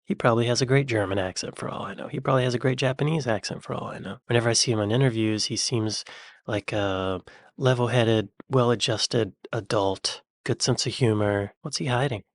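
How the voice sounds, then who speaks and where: A man chats casually through a reaction video, thinking out loud and throwing in playful asides. His voice sits at a middle pitch. The recording is dry and close, with no room sound. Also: a little fast, no room sound. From American. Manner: chatty, musing aloud, playful asides. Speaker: reaction channel host.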